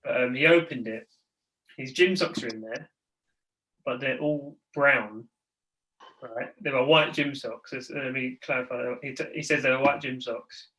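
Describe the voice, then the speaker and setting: A man's voice: medium pitch, normal speed, pushed and bright, poor audio. A young man with a London accent, a podcast co-host telling a story in casual chat, full of fillers.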